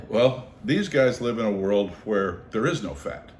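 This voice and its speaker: An older man from the Seattle area, hosting a podcast and telling stories in casual conversation. He is animated, acts out the people in his stories, laughs and repeats words. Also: on the low side, measured pace, a little hiss or hum. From Seattle area, USA. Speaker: podcast host. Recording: roomy echo.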